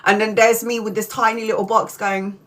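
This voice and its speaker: A woman's voice: medium pitch, level tone, brisk, a bit bright, soft background music. Laughing, foul-mouthed middle-aged woman storyteller. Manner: swears constantly and laughs through the story. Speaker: tarot reader streamer. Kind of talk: casual live-stream storytelling.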